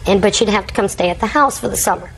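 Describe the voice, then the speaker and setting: A woman's voice: medium pitch, fast talker, slight background noise, low-quality recording. An older woman, a grandmother, giving long courtroom testimony as a litigant and rambling through her account while acting out what others said.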